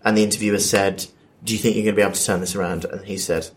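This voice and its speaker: A man's voice: lowish voice, level tone, racing. A man hosting a casual podcast quiz, reading questions out in a playful way and laughing often. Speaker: podcast host running a quiz.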